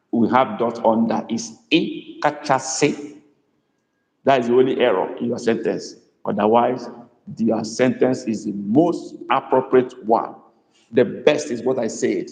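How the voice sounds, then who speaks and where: A man teaching a live online language class, patiently repeating phrases slowly for his students. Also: medium pitch, darkish tone. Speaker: Igbo language tutor. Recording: echoey room with long reverb.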